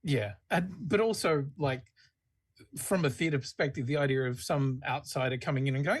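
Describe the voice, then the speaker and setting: A woman's voice: very deep voice, expressive, normal speed, slightly rough. A woman co-hosting a podcast, speaking emphatically and swearing for emphasis. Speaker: podcast co-host. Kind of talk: casual chat.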